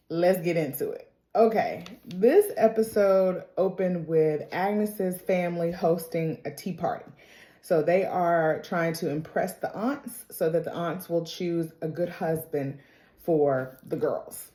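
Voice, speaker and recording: A woman's voice: on the low side, warm tone, echoey room. A woman giving a casual recap of a TV episode, chatty and full of slang, laughing often. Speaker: TV recap vlogger.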